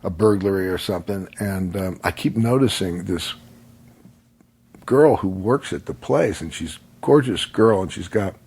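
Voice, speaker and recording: An older man with a husky, gravelly voice spins a long, rambling personal story. He laughs often and jumps into animated voices for the people in his tale. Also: sits low, moderate pace. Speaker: podcast guest. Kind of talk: casual storytelling.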